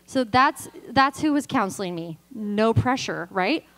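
In poor audio from a church service, a woman in her thirties from California preaches as a guest and recounts her own experiences. She acts out the dialogue, a lively storyteller speaking a little slowly in a slightly high voice.

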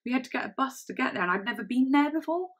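Brief: woman, 20s, vlogger, halting storytelling, lots of fillers. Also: high voice, animated. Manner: halting, full of "like" and restarts. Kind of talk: casual storytelling.

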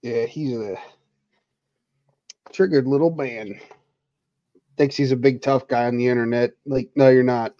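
A man's voice: medium pitch, steady tone, unhurried, pauses often, dark tone, dull audio. A man joining a livestream as a guest, chatting casually in a crude, profane way. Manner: crude, profane, laughing along.

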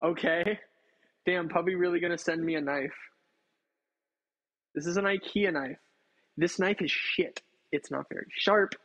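This streamer speaks unhurriedly with long pauses, his high, slightly bright voice holding a fairly even intonation. He's cooking in his home kitchen, chatting to his chat, swearing freely, and being self-mocking. The sound is lo-fi.

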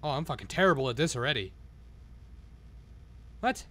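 A man live-streams himself playing a game, swearing constantly and talking to himself as he goes. His mid-range voice is a bit bright, with lively intonation and a moderate pace.

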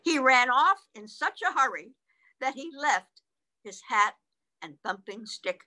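A woman's voice: high-pitched, animated, unhurried, bright, forceful tone. A woman reading a picture book aloud to toddlers, sing-song, stopping to ask them questions. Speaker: children's storyteller.

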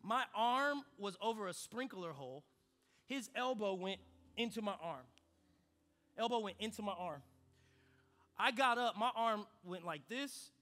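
A young adult man preaching a sermon, telling a childhood story and swinging between quiet reflective stretches and loud excited ones. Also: high voice. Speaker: pastor.

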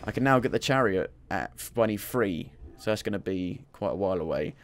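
A man's voice: fairly low pitch, lively intonation, a little fast, a little hiss or hum. Chatty man streaming a game. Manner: chatty, jokey, talks to himself while playing. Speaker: gamer streaming his playthrough. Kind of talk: casual game commentary.

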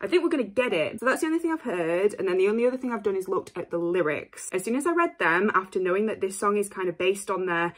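Woman, reaction video host, casual chat, gushing, excitable, apologetic. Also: mid-range voice, quick pace, few pauses.

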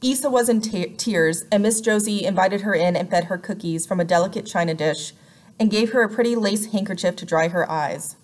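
A woman narrating a children's novel as an audiobook, in a clear, gently expressive way. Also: mid-range voice. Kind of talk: scripted narration.

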